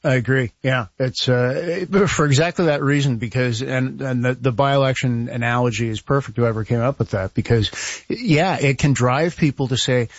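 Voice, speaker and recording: A man's voice: mid-range voice, moderate pace, no echo, dull audio. Male strategist commenting dry on the radio. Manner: conversational, analytical, with frequent restarts and little laughs. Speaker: communications strategist, regular radio guest. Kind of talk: casual talk radio commentary.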